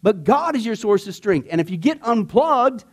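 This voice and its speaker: A man, a pastor, teaching a discipleship class in a chatty, animated way, full of asides and fillers. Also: sits high, moderate pace.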